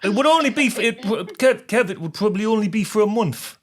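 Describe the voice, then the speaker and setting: A man's voice: high voice, expressive, brisk. A man hosting a podcast, playing a straight-faced fake recruiter in a teasing prank phone call. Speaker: podcast host. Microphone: podcast studio mic.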